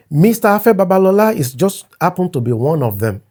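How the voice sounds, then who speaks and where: A man's voice: sits high, very animated, a little fast, few pauses, a little mellow. A man from Africa giving an emphatic opinion vlog, repeating his key points and stressing words as he goes. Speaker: commentator.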